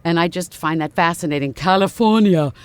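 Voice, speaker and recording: Animated woman voice actor chatting. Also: low voice, fairly quick, no echo. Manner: animated storyteller who slips into character voices. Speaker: voice actress guest. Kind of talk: casual interview chat.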